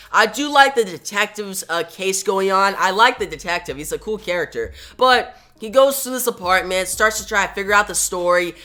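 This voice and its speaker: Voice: mid-range voice, bright, forceful tone. A comic book reviewer who retells the plot in casual storytelling.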